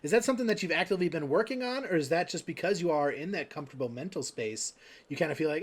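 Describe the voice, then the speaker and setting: A man's voice: fairly high pitch, animated, quick pace. A man hosting an online darts league broadcast, interviewing players after their matches in a loose, casual way. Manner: casual, rambling questions with fillers. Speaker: host and commentator.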